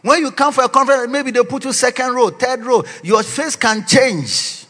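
A man preaching a sermon to a pastors' conference, breaking into shouts and sung phrases. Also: very high-pitched, normal speed. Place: conference hall. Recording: long hall reverb, faint music.

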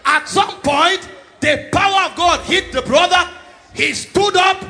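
A man proclaiming healing testimonies at a church service, emphatic and loud. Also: very high-pitched, unhurried, creaky. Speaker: testimony announcer.

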